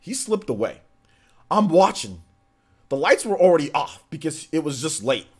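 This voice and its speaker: A man hosting a casual live stream, telling stories with animated energy and breaking into shouts when excited. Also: on the high side, normal speed, breathy edge. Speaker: livestream host.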